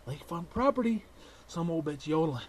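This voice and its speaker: A man vlogging a profane, sarcastic comedic rant that swings between shouting and hushed whispers. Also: a little high, animated, a little fast, slight background noise.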